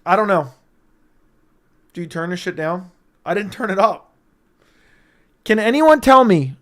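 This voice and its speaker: A young man hosting a casual livestream from a room at home, talking close into a studio mic, joking and crude, with sudden loud bursts. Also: sits high, lively intonation, unhurried. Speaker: livestream host. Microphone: close studio mic with audio interface.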